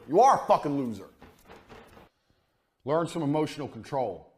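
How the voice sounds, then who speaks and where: A man's voice: fairly high pitch, big pitch swings, moderate pace. Blunt, profane man lecturing on business. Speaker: business coach.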